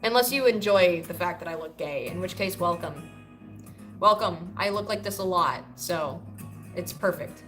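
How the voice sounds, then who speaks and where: A woman's voice: fairly low pitch, normal speed, music in the background. A woman from the United States hosting a casual livestream, answering chat comments in a loose, profane, joking way. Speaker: livestream host.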